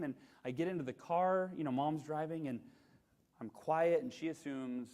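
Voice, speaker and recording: A man in his thirties giving a motivational keynote, telling animated, self-deprecating stories with acted-out quotes. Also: medium pitch, moderate pace. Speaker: motivational speaker. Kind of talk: storytelling keynote presentation.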